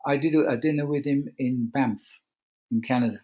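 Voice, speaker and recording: Older man, husky voice, chatty storyteller, video call guest. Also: mid-range voice, steady tone, fairly quick, muffled recording. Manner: chatty, acts out quoted lines. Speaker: guest, cycling commentator. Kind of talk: relaxed anecdotal storytelling.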